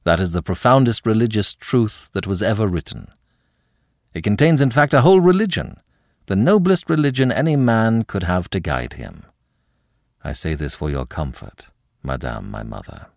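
A man reading a measured, ironic young Frenchman in a story. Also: lowish voice, animated, creaky, dry recording, studio quality. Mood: earnest. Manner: measured, wry.

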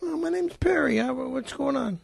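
A man doing a high, squeaky cartoonish voice as an eager young man in an improv comedy sketch. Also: moderate pace, vocal fry, no echo, clean studio sound, full character voice.

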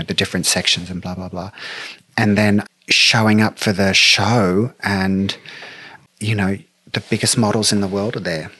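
A middle-aged man from Australia, a make-up artist telling stories in an interview with lively, emotional delivery. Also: sits low, husky, no echo. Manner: animated, emotional storyteller who acts out quotes. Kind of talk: storytelling interview chat.

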